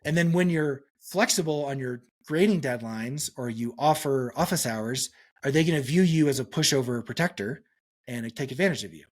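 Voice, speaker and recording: A male psychologist answering interview questions on a podcast, telling stories and acting out quotes with sudden pitch jumps. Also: moderate pace. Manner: animated storytelling, acts out quotes with pitch jumps. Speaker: psychologist guest.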